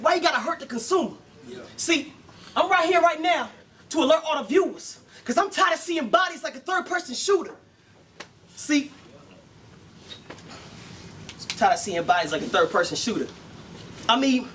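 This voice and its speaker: A man's voice: very high voice, a bit bright, slight background noise. A man performing Christian battle rap live before an audience, with a rhythmic, preachy, punchline-driven delivery. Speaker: battle rapper.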